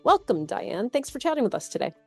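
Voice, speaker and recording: A woman hosting a podcast, introducing her guest and asking measured, clear questions. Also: a little high, very animated, darkish tone, dry recording, soft background music. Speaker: podcast host. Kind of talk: podcast interview.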